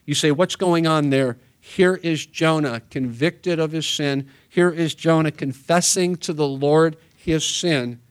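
A male pastor with a slightly higher-pitched voice delivers a sermon. He reads scripture briskly, then turns to preaching with earnest emphasis. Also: clean tone.

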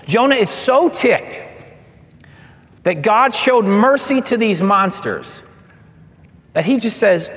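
Animated male preacher in an echoing hall. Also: high voice, slow pace, pauses often. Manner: animated preaching, acts out quoted lines. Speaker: pastor. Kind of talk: sermon. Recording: long hall reverb.

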